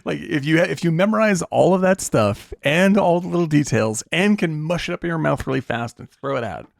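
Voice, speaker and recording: A man co-hosting a movie podcast, chatting casually, animated and laughing often, with casual swearing. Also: on the high side, fairly quick, gravelly, dry recording, clean studio sound. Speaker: podcast co-host.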